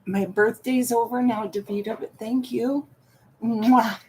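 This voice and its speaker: A woman's voice: fairly high pitch, steady tone, unhurried, a little mellow, slightly rough. An older woman chatting playfully on a livestream from home into a laptop microphone, greeting viewers by name. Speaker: livestream host. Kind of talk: casual livestream chat.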